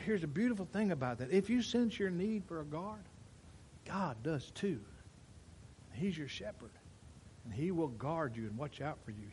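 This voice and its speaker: A pastor preaching a sermon, swinging between loud emphatic declarations and quiet asides while addressing his congregation in church. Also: fairly high pitch, a little hiss or hum.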